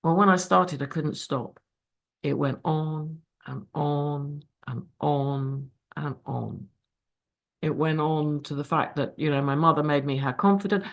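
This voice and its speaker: A middle-aged woman with a lowish voice tells her recovery story at a fellowship meeting. She is candid and emotional and swears freely. She speaks over a video call. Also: measured pace, creaky. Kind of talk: personal recovery share.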